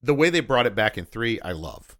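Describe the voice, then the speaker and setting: A man's voice: mid-range voice, very animated, brisk, a bit bright. A man co-hosting a casual film podcast, ranting animatedly and swearing freely. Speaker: podcast co-host. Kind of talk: casual film-review chat.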